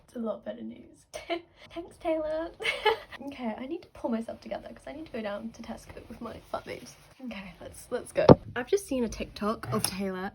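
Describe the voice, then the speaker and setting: A woman's voice: mid-range voice, vocal fry, warm tone, slightly rough. A young woman chatting casually in a rambling, giggly way for her vlog. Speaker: vlogger.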